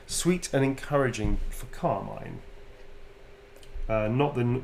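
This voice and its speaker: A man chats playfully during a live autograph stream, casual and quick to laugh. His mid-pitched voice carries a gravelly fry. A faint noise hangs underneath the recording. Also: a little mellow. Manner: playful, chatty, laughs easily. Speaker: actor signing autographs on a livestream.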